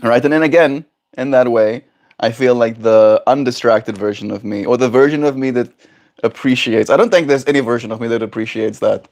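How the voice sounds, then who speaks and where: A man's voice: medium pitch, brisk, darkish tone. A young man livestreaming, chatting casually and reflectively with his viewers. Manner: rambling, reflective, talks to chat. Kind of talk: casual daily stream chat.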